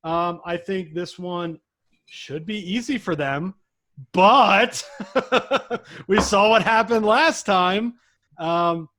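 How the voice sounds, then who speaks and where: A man's voice: high-pitched, very slow, pushed and bright. A young man co-hosting a casual sports talk show, laughing often as he runs through the week's picks. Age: young adult. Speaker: co-host.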